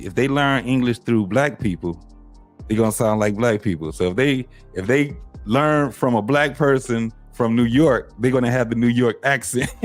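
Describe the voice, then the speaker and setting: A man talks in a casual, rambling way and gets animated as he shares opinions. His voice sits in a middle range. Faint music plays behind him. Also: medium pitch. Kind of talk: casual conversation.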